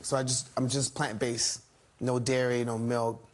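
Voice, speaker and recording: Laid-back musician, mid-pitched voice. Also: male voice, flat delivery, a little slow. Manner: laid-back, loose, joking. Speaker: guest musician. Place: TV studio.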